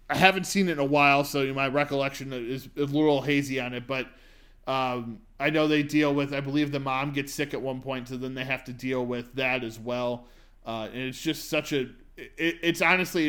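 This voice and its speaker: A man's voice: mid-range voice, fairly even intonation, moderate pace, fairly bright tone. A man hosting a podcast, casually reviewing movies with frequent "uh" and "um" hesitations. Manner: hesitant, many "uh" and "um" fillers. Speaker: podcast host.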